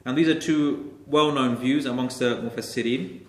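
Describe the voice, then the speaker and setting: A man's voice: mid-range voice, steady tone, moderate pace, reverberant. A man teaching a Quran exegesis class, explaining Arabic grammar step by step and repeating key phrases for emphasis.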